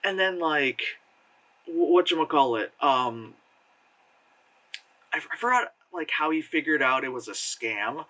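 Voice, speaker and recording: Man, casual movie review, rambling and profane, bright tone, set back from the mic. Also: on the high side, very animated, a little slow, pauses often. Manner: rambling and profane, full of "like" and "you know"; acts out characters' lines in exaggerated voices. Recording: voice distant from the mic.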